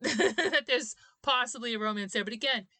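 Bright-voiced woman, dry close sound. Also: on the high side, moderate pace, no room sound. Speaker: podcast co-host. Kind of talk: casual fan chat about an anime.

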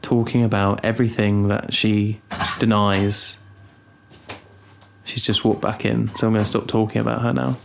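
A young man co-hosting a casual podcast, rambling and teasing with deadpan asides. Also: lowish voice, normal speed, creaky, slight background noise. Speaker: podcast co-host. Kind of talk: casual chat.

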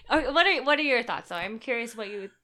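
A young woman co-hosting a casual podcast in a bright, clear voice. She rambles from thought to thought and pokes fun at herself as she talks. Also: fairly high pitch, animated, quick pace. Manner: rambling, chatty, self-deprecating. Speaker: podcast co-host. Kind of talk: casual chat.

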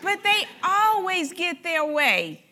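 A woman pastor preaching a sermon in an animated, conversational way, joking with and speaking directly to her congregation. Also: very high-pitched, takes it slowly. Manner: animated, conversational preaching with humor and audience address.

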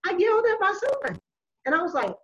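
A woman's voice: very high voice, huge pitch swings, fairly quick, a bit bright, muffled recording, a little hiss or hum. A woman in casual group discussion, speaking animatedly and acting out exchanges with children. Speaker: panel guest sharing parenting views.

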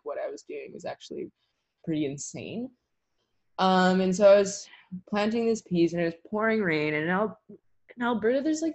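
A woman's voice: fairly low pitch, darkish tone. Chatty young woman telling a story. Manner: chatty, lots of "like" fillers, laughs while telling. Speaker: guest, tree planter. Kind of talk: casual interview storytelling.

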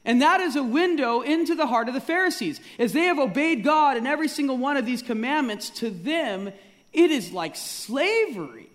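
A male pastor delivering a sermon in a high, very animated voice that climbs and drops as he presses his points. He poses question after question to the room and repeats phrases for emphasis. His voice rings out with the long reverb of a large church sanctuary. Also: normal speed. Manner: rhetorical questions, emphatic repetition.

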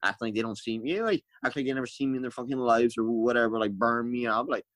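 A man's voice: mid-range voice, quick pace, a bit bright, no room sound, low-quality recording. A young man from Hawaii, a podcast guest in casual chat, rambling and swearing a lot. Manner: rambling, swears a lot, repeats "you know what I mean".

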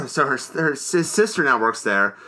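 Man co-host, rambling movie recaps with frequent throat-clearing and a sharp, bright tone. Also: on the high side, sing-song, measured pace. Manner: rambling, full of "like", keeps clearing his throat. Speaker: podcast co-host. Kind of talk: casual movie review chat.

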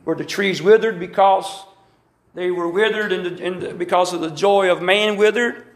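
A man's voice: high voice, fairly even intonation, normal speed, roomy sound. A man preaching a sermon with emphatic repetition and calls to the congregation. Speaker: pastor. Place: church sanctuary.

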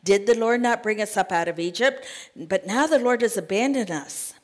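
A woman teaching a Bible study as a sermon, lively, acting out scripture and conversations in other voices. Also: mid-range voice, normal speed. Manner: animated, acts out scripture quotes and conversations. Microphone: podcast mic.

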